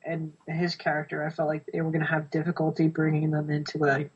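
Husky breathy voice, middle pitch, thoughtful hedging, casual podcast chat, dull lo-fi recording. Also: monotone, fast. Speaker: podcast panelist.

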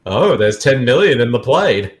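A man co-hosts a casual movie podcast, cracking wry jokes and laughing often. His voice moves in a lively way across his range. He talks in a relaxed, chatty manner. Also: medium pitch. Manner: chuckling, wry, quick to laugh. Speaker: podcast co-host. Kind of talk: casual movie commentary chat.

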